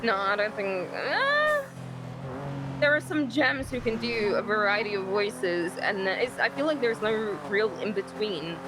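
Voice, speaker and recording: A woman in casual roleplay chat on a game stream, blunt and quick to swear. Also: mid-range voice, very animated. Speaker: roleplay player. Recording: game car noise under voice.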